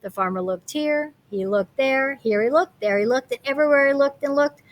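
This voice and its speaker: A woman reading a picture book aloud, animated, with playful comments on the pictures. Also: high-pitched, a little fast, dull audio. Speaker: storybook reader.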